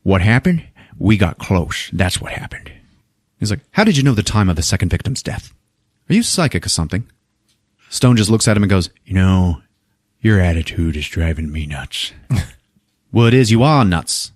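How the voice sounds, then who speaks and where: A man with a fairly low voice tells a film's plot to his podcast co-hosts, and his pitch swings widely as he jumps between characters. He swears often and keeps the chat loose and lively. The sound is dry and close, with no room around it. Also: normal speed, no echo. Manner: animated scene retelling, swearing, quoting characters. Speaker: podcast co-host recapping a movie.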